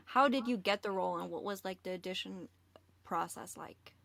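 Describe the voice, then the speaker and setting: A woman's voice: mid-range voice, normal speed, vocal fry, a bit bright. A woman hosting a podcast, asking a guest questions in a casual way with "like" as filler. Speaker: podcast host. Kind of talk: interviewing a guest.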